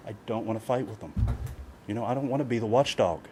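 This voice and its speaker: A man's voice: medium pitch, fast, warm tone, a little hiss or hum. Emotional man pleading at a public meeting. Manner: emotional, pleading, repetitive with many "you know"s. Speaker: property owner speaking at public comment. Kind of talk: public comment at a county meeting. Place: county meeting room.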